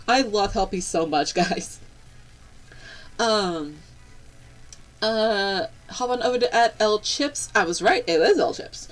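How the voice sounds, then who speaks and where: A woman's voice: medium pitch, slow, pauses often, rough recording. Bubbly young woman streaming casually. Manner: bubbly, rambling, bursts into excited squeals. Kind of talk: casual live-stream chat.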